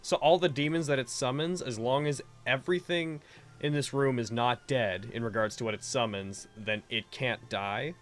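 A man narrating as game master, giving rulings in a calm, matter-of-fact way with filler ums. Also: medium pitch, normal speed.

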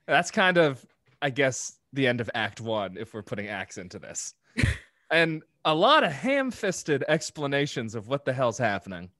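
A man's voice: medium pitch, sing-song, normal speed, bright, forceful tone, no room sound, studio quality. A man reading his own comedy script aloud and chatting casually, self-mocking and laughing often.

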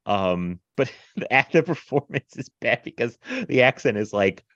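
A man casually reviewing a film in animated, rambling podcast chat, full of fillers and laughs. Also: medium pitch, normal speed, no room sound, lo-fi sound. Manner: animated, filler-heavy retelling with laughs and mimicry.

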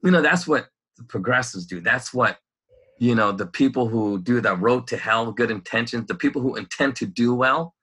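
A man in casual conversation, talking in a rambling, animated way with lots of fillers, restarts and laughs. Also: mid-range voice, normal speed, husky. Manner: laughs often while talking. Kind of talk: casual chat.

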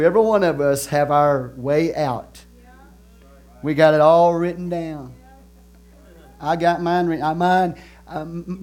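A man with a Texan accent, a pastor preaching a sermon, moving from soft conversational asides to loud exhortation and joking with the congregation. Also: fairly high pitch. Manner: laughs and jokes with the congregation.

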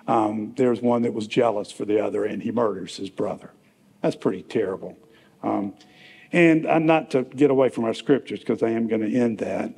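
A man's voice: mid-range voice, vocal fry, darkish tone, husky, in a large hall. A man preaching a conversational sermon in a church, rambling a little and asking the congregation questions. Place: church sanctuary.

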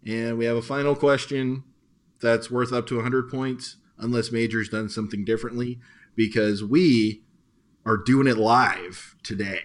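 A man's voice: mid-range voice, steady tone, normal speed. Joking man co-hosting a trivia podcast. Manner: jokey, laughs often. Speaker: podcast co-host. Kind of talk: casual chat.

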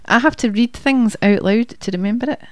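A woman's voice: a little high, a little fast, dry recording. Scottish lady co-hosting a music show, rambly and chatty, dry close mic. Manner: chatty, rambling, laughs easily. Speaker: co-host. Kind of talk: casual radio chat.

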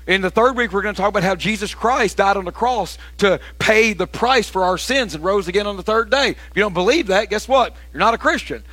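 Folksy pastor, bright tone, animated sermon delivery. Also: male voice, high-pitched, fairly quick, hardly any pauses, dry recording. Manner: animated storytelling, bursts into shouted preaching; casual, folksy with "man" and "y'all".

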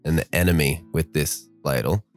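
A man's voice: extremely low pitch, moderate pace, soft background music. A man playing a tabletop game, talking casually and hesitantly. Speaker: player.

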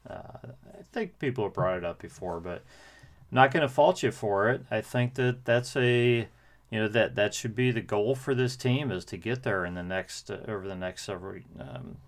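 A man's voice: lowish voice, gravelly. A man hosting a podcast, commenting casually with frequent hesitations. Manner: hesitant, many fillers. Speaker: podcast host.

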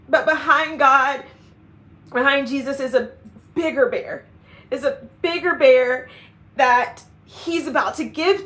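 Slow, high-voiced earnest woman. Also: fairly bright tone. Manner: earnest, heartfelt, repeats phrases for emphasis. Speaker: leader of a women's community. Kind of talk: personal faith vlog monologue.

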